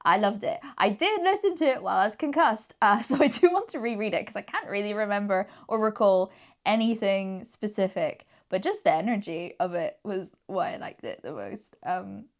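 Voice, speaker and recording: A woman's voice: mid-range voice, expressive, normal speed. A young woman chatting casually about books she loved, enthusiastic and giggling often between sentences. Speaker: book reviewer. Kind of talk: casual chat.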